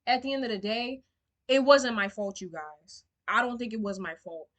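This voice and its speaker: A woman's voice: a little high, moderate pace, fairly bright tone. A young woman telling a storytime to camera, emotional and indignant, swearing freely and using lots of fillers. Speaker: storyteller vlogger.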